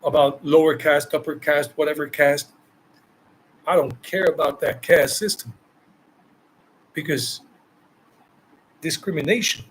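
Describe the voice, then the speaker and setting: A man's voice: fairly high pitch, steady tone, a little slow, pauses often, husky, poor audio. A man from the United States, a travel vlogger answering viewer questions live, talking emphatically and repeating phrases for stress. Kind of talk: live Q&A chat.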